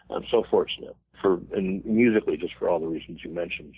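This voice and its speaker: Deep husky older man on a radio line. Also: fast, few pauses. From United States. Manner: animated anecdotes with laughs and sung quotes. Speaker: banjo player, guest. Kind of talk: casual interview storytelling. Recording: thin phone-like radio line.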